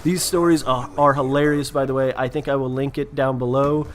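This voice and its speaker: A young man hosting a gaming channel, telling a rambling, self-mocking story in a casual, animated way over gameplay. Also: medium pitch, fairly quick, slight background noise.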